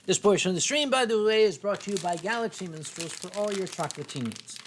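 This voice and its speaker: A man's voice: sits high, lively intonation, fast, slight background noise. A man hosting a livestream, tipsy from sake, chatting casually and chuckling as he reads out viewer messages and donations. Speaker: livestream host. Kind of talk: casual chat.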